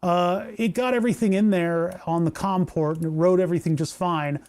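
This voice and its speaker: With a high-pitched, steady, darkish voice and a slightly fast delivery, a maker rambles and jokes with his viewers while tinkering on a hardware project during a casual livestream.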